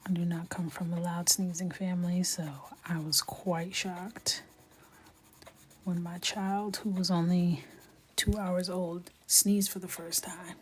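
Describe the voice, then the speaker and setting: A woman's voice: lowish voice, little pitch movement, slow pace. A young woman chatting casually with viewers as she colors, telling stories, often dropping to a whisper and laughing. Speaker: coloring livestream host. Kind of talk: casual chat while coloring.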